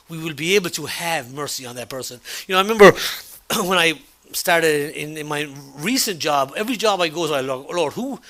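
With a slightly high voice, a man delivers a sermon built around a personal anecdote, speaking in a conversational way. He restarts often and brings the quoted conversation to life.

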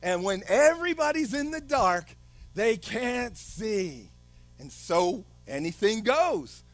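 Male preacher, slow, impassioned sermon, swings up to shouting, very high and lively voice. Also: no room sound, faint music behind. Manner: impassioned, rising to shouts, dramatic.

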